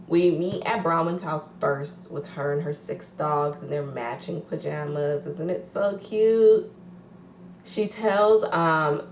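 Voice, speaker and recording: A woman's voice: low-pitched, roomy sound, slight background noise. A woman recapping reality TV casually, sassy and blunt, swearing freely. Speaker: reality TV reviewer.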